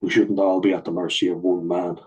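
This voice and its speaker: A man's voice: low voice, level tone, a little fast, warm tone, rough recording. A middle-aged man, bluntly telling a personal story to camera in a sweary, aggrieved way. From Ireland. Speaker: vlogger.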